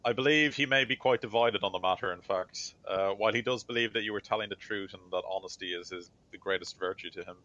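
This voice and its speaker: A man voicing a calm woman military captain in a tabletop game, speaking in a measured, diplomatic manner. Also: on the low side. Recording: slightly dull lo-fi mic.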